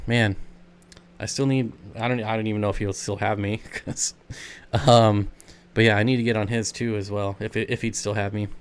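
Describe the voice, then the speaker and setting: A man's voice: lowish voice, little pitch movement, moderate pace, clean tone. A man hosting a casual live stream Q&A, rambling as he reads and answers chat comments. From United States.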